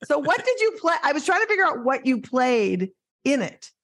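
Female podcast host, effusive, cheerfully profane, pitched a bit high. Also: very animated, moderate pace, fairly bright tone. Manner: gushing, enthusiastic, swears casually. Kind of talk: casual chat.

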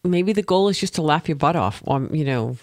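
A woman's voice: low voice, lively intonation, a little fast, a little mellow. A woman co-hosting a casual chat, a coach with an emphatic, wry way of talking and punchy asides. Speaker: podcast co-host, coach.

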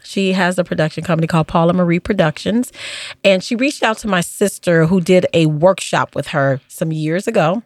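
A woman, a former hospice nurse, telling stories from her work in a casual interview, acting out what people said with lively jumps in her voice. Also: fairly quick, no echo, studio quality. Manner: animated, acts out quoted dialogue with big pitch jumps.

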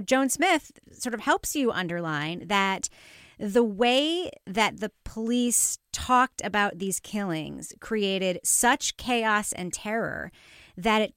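A woman's voice: mid-range voice, a bit bright, smooth, dry recording, studio quality. A woman interviewer asking curious, inquisitive questions.

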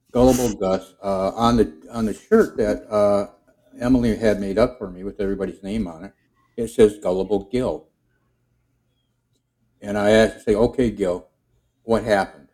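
A man chatting casually on a podcast in a rambling, halting way as he introduces his character voices. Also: fairly low pitch, fairly even intonation, warm tone, poor audio. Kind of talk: casual chat.

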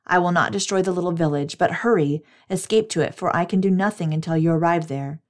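Woman voicing stern angels, brisk, commanding, urgent, lowish, scripture reading. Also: natural voice.

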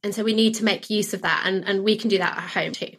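A woman guest expert explaining her ideas in a calm, upbeat conversational way. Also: medium pitch, fast talker, breathy edge. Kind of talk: conversational interview.

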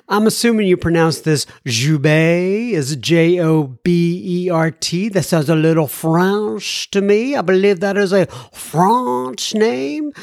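A man's voice: high-pitched, dry recording, clean studio sound. A man with a Texan accent hosting a podcast, chatting casually as he reads listener mail, folksy and full of fillers. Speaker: podcast host.

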